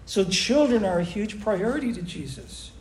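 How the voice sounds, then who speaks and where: A man teaching a Bible class, explaining scripture in an animated way and acting out the quoted lines. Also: high voice, normal speed. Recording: echoey room with faint noise.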